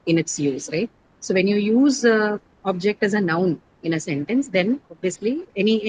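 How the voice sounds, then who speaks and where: A woman's voice: medium pitch, darkish tone, slight background noise, low-quality recording. Woman teaching an online class. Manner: explanatory, quizzes students, frequent "right?" checks. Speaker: English teacher. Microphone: video call.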